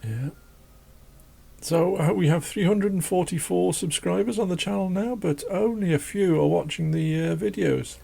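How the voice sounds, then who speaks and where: A man hosting a drawing channel, chatting casually and rambling as he draws, self-deprecating and laughing often, with a croaky voice. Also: high voice, moderate pace, mellow. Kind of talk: casual chat while drawing. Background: faint classical music.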